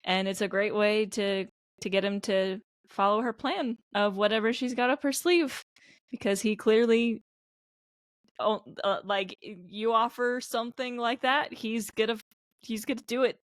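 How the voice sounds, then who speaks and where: A woman's voice: a little high, measured pace, no room sound, studio quality. A woman co-hosting an anime podcast, talking casually with lots of "like" and trailing thoughts. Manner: casual, rambling, many "like" fillers. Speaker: podcast co-host.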